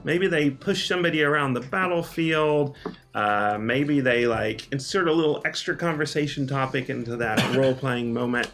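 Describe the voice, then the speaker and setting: A man as game master, explaining the rules in a relaxed way with lots of ums and uhs. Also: medium pitch, normal speed, a little hiss or hum. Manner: relaxed, full of um and uh.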